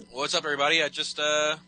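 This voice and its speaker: A man's voice: on the high side, flat delivery, fairly quick, bright, forceful tone, poor audio. A man co-hosting a podcast, thanking listeners in a hesitant, humble way with many restarts. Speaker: podcast co-host. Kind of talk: casual chat.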